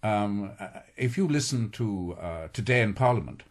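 Older male actor, refined English accent, husky and animated, radio guest. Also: lowish voice, normal speed. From Scotland. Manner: theatrical, animated, playful asides. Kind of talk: radio interview. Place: radio studio.

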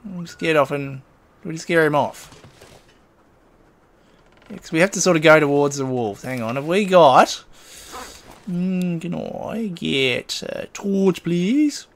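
A man talks his way through a survival game in a fairly high-pitched voice. He chats casually, chuckles often, and gets flustered when danger hits. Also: takes it slowly, pauses often. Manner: chatty, chuckling, flustered under pressure. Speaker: gaming channel host. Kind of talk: let's play commentary.

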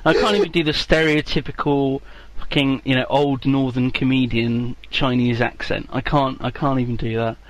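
Podcast co-host, man from England, deadpan, mock-serious, swears freely. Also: mid-range voice, normal speed, few pauses, no room sound, low-quality recording. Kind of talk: casual comedy chat.

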